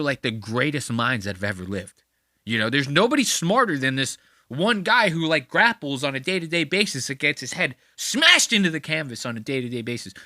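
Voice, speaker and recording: Animated podcast host, lively and bright. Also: male voice, on the high side, no echo, studio quality. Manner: animated, profane and mocking. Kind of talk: casual commentary on a clip.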